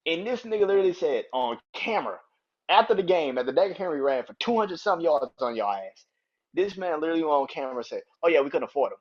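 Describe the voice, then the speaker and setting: A man's voice: a little high, very animated, fast talker, highs cut off. A man hosting a sports podcast, ranting in a heated, profane, incredulous way. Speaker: podcast host. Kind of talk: sports opinion rant.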